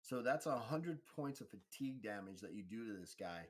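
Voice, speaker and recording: A man narrating a tabletop role-playing game as game master, talking in a loose, halting way with many fillers. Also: on the low side, expressive.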